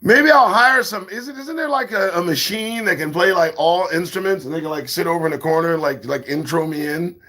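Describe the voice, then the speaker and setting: A man hosting his own morning show, talking in a profane, preachy monologue that swings between shouts and whispers. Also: high-pitched, brisk, hardly any pauses. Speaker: show host.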